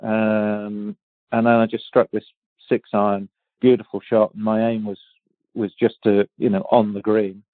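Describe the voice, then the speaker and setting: A man in his fifties from England tells golf stories in a loose, rambling way, restarting sentences and laughing as he goes. His voice sits a little low. It comes through a tinny, phone-like line with a dry sound. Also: little pitch movement, a little slow, dry recording. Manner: rambling, many restarts and fillers, laughs easily. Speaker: guest golfer. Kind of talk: casual interview storytelling.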